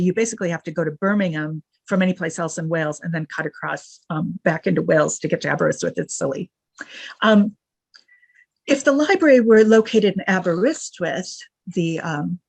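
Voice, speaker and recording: A woman's voice: lowish voice, no room sound. A woman giving a scholarly lecture, reading quoted passages from notes and breaking off for dry asides. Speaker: guest lecturer.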